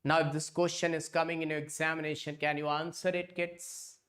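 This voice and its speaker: A man's voice: on the high side, level tone, a little fast, fairly bright tone. A man teaching an online exam-prep lecture. He repeats points again and again and keeps calling his students kids.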